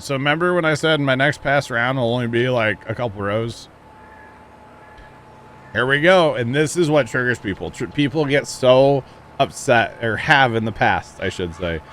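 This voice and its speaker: A man rambles to his livestream chat while he plays a farming game, chuckling often between thoughts. His voice sits at an ordinary middle pitch, and a faint noise hums behind him. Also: a bit bright. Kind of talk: casual chat while playing.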